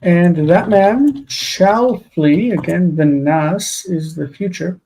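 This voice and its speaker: A weary man with a gravelly, dark-toned voice, pitched a little higher than most men. He walks a live online class through Hebrew grammar exercises, explaining patiently with frequent pauses and ums. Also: rough recording. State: tired. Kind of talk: live-streamed language lesson.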